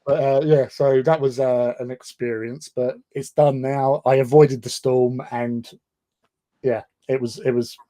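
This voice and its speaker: An English man co-hosting a livestream tells a long, self-deprecating story in casual chat, laughing often. His mid-range voice is mellow and unhurried, with little pitch movement.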